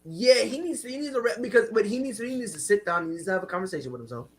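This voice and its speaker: A man's voice: high voice, fast talker, crowd noise. A man hosting a casual sports talk show, telling stories and acting out what players said. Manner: animated storyteller, acts out players' quotes.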